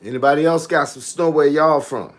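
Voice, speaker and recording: A man's voice: a little high, brisk. A fitness coach chatting casually on a live stream, often starting with "hey, look" and answering his viewers' comments. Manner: laid-back, repeats "hey, look" and reads out viewer comments. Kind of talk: casual livestream chat with viewers.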